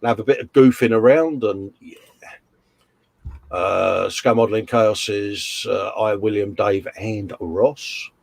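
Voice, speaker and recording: A man's voice: lowish voice, fairly even intonation, measured pace, vocal fry. A man hosting a casual livestream, chatting and reading out comments in a jokey, rambling way. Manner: chatty, jokey, lots of "uh" and "mate". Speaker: livestream host.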